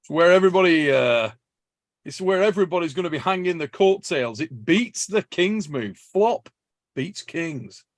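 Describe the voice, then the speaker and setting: Higher-voiced English man reading super chats. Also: lively intonation, normal speed, no room sound, studio quality. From England. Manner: jokey, laughing, calls people mate. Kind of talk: casual chat.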